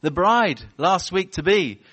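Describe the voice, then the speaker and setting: Man preaching an animated sermon. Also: high-pitched, slow pace, husky. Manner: animated, storytelling with acted-out voices.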